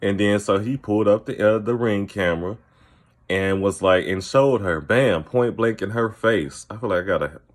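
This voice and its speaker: A man's voice: lowish voice, moderate pace. Blunt, foul-mouthed man recapping TV. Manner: blunt, profane, opinionated. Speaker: TV recap commentator. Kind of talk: casual recap commentary to camera. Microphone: camera.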